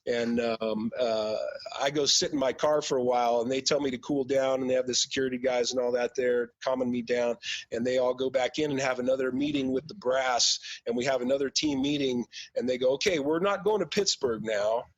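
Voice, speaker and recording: A husky-voiced man recounts a story in an animated, casual way, with a curse or a laugh now and then. The podcast audio is dry and a little dull, like a cheap recording. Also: medium pitch, brisk, no echo. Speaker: podcast guest, former pro football player.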